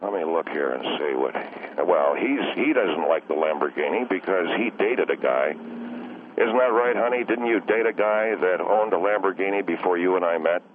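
Deep voiced guy calling in on a crackly phone, rambly and touchy. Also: lively intonation, moderate pace. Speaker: caller. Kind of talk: call-in radio chat. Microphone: telephone. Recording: tinny phone line, faint hiss.

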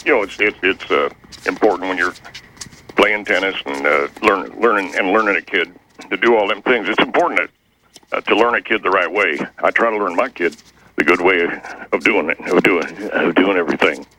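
A man voicing a nervous, ungrammatical sports guest on a radio show, stumbling and halting. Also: low voice, sharp tone, rough recording. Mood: rambling. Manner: halting, bad grammar, filler-heavy. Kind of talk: comic radio bit.

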